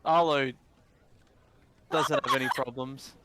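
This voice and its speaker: A man narrating a tabletop game as dungeon master, casual and halting, restarting his sentences often. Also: mid-range voice, fairly even intonation, background noise.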